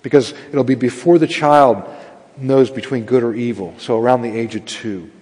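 Man preaching, husky, echoing hall. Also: mid-range voice, moderate pace, a little mellow. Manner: earnest preaching, rising to emphatic stress. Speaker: pastor. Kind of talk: sermon.

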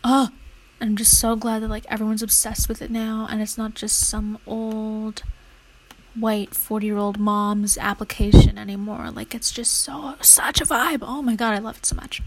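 A woman's voice: fairly high pitch, little pitch movement, moderate pace, noisy background. A young woman vlogging casually while studying, rambling and chatty, now and then murmuring her notes half under her breath.

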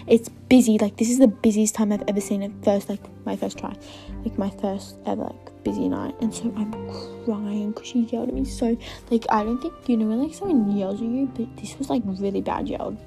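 A woman's voice: mid-range voice, moderate pace, over music. A young woman hosting her own podcast, telling a story in a rambling, casual way full of fillers, sometimes dropping to a whisper. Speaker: podcast host.

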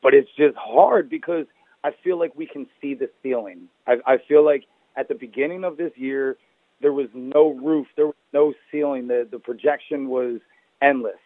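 A man's voice: medium pitch, moderate pace, no echo, phone-quality sound. A man who is a guest on a casual sports podcast gives blunt opinions and folksy sayings, often calling the host brother.

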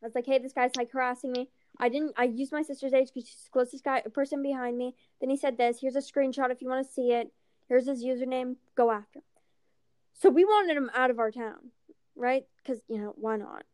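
A high-voiced young woman tells a casual story with animated energy, slipping into the voices of people she quotes. Her voice is recorded close and dry, with no room echo. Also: a little fast. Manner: animated, acts out quotes, swears.

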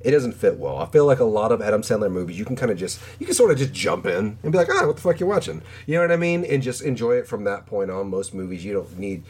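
A man in casual podcast chat, slangy and animated, who jumps into high squeaky voices when quoting film scenes. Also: fast talker, hardly any pauses, breathy edge. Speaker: podcast guest.

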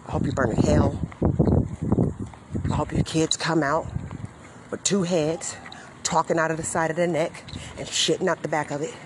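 A woman's voice: sits low, fairly even intonation, moderate pace, pauses often, heavy background noise. Woman, 40s, bitter furious rant outdoors by a busy street. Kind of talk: angry rant vlog.

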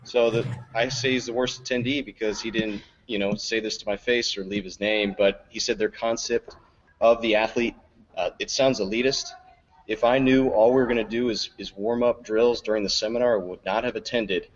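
A man's voice: fairly low pitch, fairly even intonation, moderate pace. Hesitant man on a dull lo-fi line. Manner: hesitant, reads from a review. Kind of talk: casual podcast chat.

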